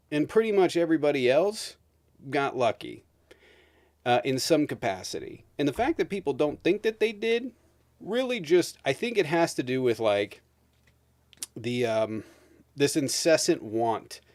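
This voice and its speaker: A man in his thirties hosting a home livestream, going off in a heated, profanity-laced political rant. His voice sits at an ordinary middle pitch, and the sound is close and dry, with no room around it. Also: a little mellow, no room sound. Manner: profane, ranting, emphatic. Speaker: streamer host.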